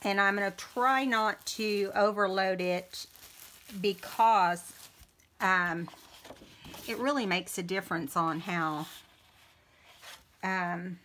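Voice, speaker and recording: Woman, craft vlogger, slow and bright, chatty, throat keeps catching. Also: mid-range voice, a little hiss or hum. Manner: chatty, thinks aloud while working. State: keeps coughing and clearing throat. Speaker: crafting video host. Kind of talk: casual craft tutorial.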